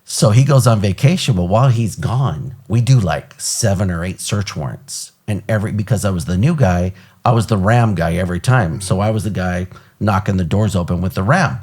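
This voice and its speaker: A middle-aged man hosting an interview, telling a story with lively acted-out quotes. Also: low-pitched, a little fast. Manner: animated storyteller, acts out quotes. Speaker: podcast host.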